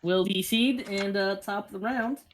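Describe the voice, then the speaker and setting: A woman narrating as game master of a tabletop game, chatty and a little halting. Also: medium pitch, a little hiss or hum.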